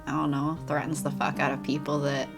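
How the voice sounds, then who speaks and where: Woman streamer, low gravelly register, loose rambling delivery that dips to a whisper. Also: little pitch movement, fairly quick. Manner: rambling, swears, laughs, drops to a whisper. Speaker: streamer, co-host. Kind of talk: casual let's-play chat. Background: game music.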